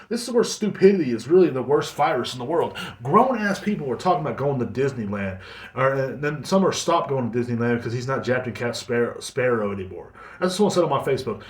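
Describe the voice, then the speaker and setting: A man's voice: medium pitch, lively intonation, fast talker, darkish tone. Swearing ranting man in echoey room. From United States. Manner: heated, swearing, mocking voices of others. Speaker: podcast host. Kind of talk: profane ranting monologue.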